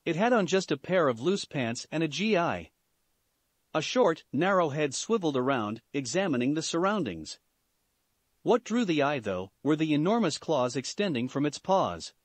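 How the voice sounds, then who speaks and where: A man's voice: a little high, very animated, normal speed, no echo. A man narrating a fan fiction story into a close mic, steadily, sometimes repeating a word. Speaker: story reader.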